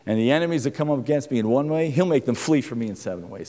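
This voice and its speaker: A man delivers a sermon-style testimony with a lively, swooping voice. He tells the story with little chuckles and acts out the voices in it. The sound carries a long reverb, as in a big hall. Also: mid-range voice, rapid-fire. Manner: animated storytelling with chuckles and quoted dialogue. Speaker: speaker giving a testimony talk.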